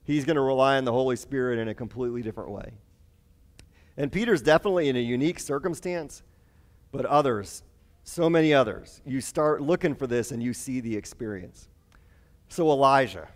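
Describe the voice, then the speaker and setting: Guy leading a bible study, chatty storytelling, lots of ums and asides, mid pitch. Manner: animated storytelling with asides and fillers. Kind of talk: conversational Bible lesson.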